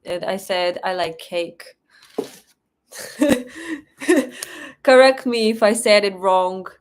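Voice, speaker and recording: Streaming casually from her Moscow home, a young Russian woman with a Russian accent chats with viewers and reads their comments. Her mid-range voice is animated but very slow, and she laughs a lot and fills pauses while thinking aloud.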